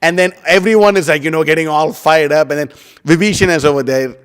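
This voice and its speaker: A man giving a casual scripture class, rambling and animated, with lots of "you know" and "like". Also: on the high side, quick pace, clean tone. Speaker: devotional class speaker. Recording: long hall reverb.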